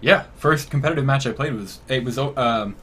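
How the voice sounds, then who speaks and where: A young man co-hosting a casual gaming podcast, jokey and quick to break into silly voices. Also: medium pitch, fairly bright tone, husky. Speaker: podcast co-host. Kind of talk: casual chat. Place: home room.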